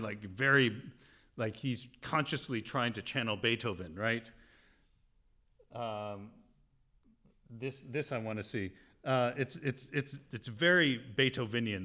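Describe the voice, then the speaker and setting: Male lecturer, mid pitch, relaxed halting delivery, hums musical examples. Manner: casual and halting, many fillers, sings phrases aloud. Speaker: piano teacher giving a lecture.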